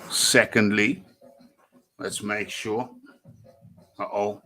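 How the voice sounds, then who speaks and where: A man's voice: on the low side, steady tone, extremely slow, bright, forceful tone, slight background noise, poor audio. A man with a northern English accent hosting a boxing livestream, chatting casually to himself and repeating phrases as he adjusts his setup. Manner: repeats phrases, talks to himself while fiddling with settings. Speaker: host of a boxing talk livestream.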